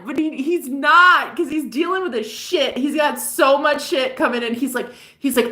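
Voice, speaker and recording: A woman chatting in a casual, gossipy vlog monologue, animated and profane, often laughing as she talks. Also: sits high, moderate pace, hardly any pauses. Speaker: spiritual reader and vlogger.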